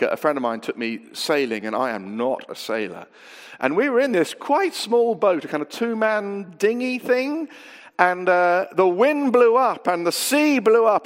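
Guy preaching in a big echoey church hall, voice jumps all over, goes loud then quiet. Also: sits high. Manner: expressive, swings between loud and hushed. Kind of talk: sermon. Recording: long hall reverb.

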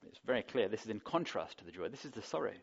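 Male preacher, lowish voice, chatty sermon style with rhetorical questions; dull lo-fi recording. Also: very animated, rapid-fire, vocal fry, breathy edge. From England. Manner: conversational, asks the congregation rhetorical questions.

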